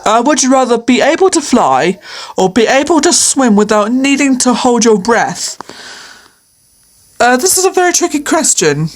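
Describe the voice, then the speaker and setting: A video creator works through quiz questions in a casual solo commentary, playful and unsure, with lots of fillers and frequent laughs. Her voice is on the high side and sing-song, at a normal speed, with slight background noise.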